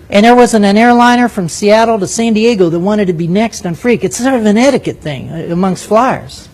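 An older man telling a flying story to a live audience, animated and vivid, with quick asides. His voice sits high for a man. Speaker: former military pilot and speaker.

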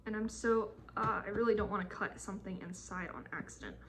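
A woman chatting casually to camera as she unboxes a parcel, gushing and excitable, full of gasps and exclamations. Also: medium pitch, brisk. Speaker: model horse customizer. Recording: noisy home recording.

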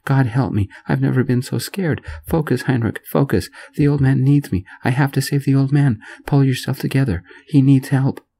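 A man's voice: mid-range voice, moderate pace, creaky, few pauses, mellow, voice pushed up, close to an everyday voice. A man voicing a panicked young man caught in a storm, talking himself through his fear in frantic, pleading words. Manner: frantic, pleading self-talk.

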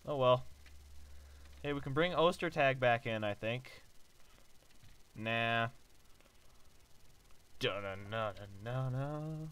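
Excitable, profane man doing game commentary. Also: medium pitch, slow pace, pauses often, clean tone, low-quality recording. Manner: excitable, joking and profane, with sudden loud outbursts. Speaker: let's play gamer. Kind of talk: casual gameplay commentary.

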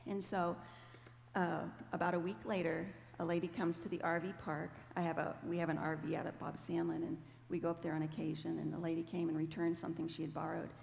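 A woman tells a story from the stage in a lively, chatty way and acts out the people she quotes. Her voice has a gravelly edge. The sound rings with long hall reverb over a faint background noise. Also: lowish voice, a little fast. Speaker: guest speaker. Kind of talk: storytelling testimony to a congregation.

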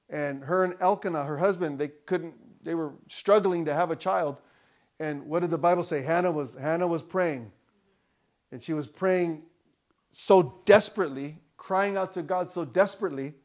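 Male pastor, slightly high voice, relaxed preaching that builds to loud emphatic lines. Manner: conversational preaching, rising to loud emphatic peaks, joking asides. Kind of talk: sermon. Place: church.

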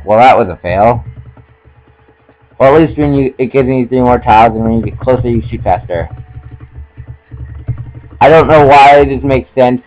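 Playing through a video game, this young let's-play gamer jokes around, pokes fun at himself, and stumbles over his words. He has a medium-pitched, slightly mellow voice, captured with lo-fi sound.

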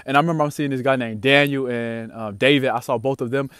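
A man's voice: medium pitch, fast talker, clean tone, dry recording. Young man telling a slangy story. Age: young adult. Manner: animated, slangy storytelling with many fillers and swings in loudness. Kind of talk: casual storytime.

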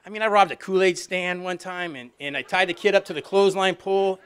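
Fast-talking man telling his story. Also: sits high, fairly bright tone, clear, resonant tone. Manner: rambling storytelling with frequent "you know what I mean"; self-deprecating humor. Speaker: alumni reunion speaker. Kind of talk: personal recovery talk.

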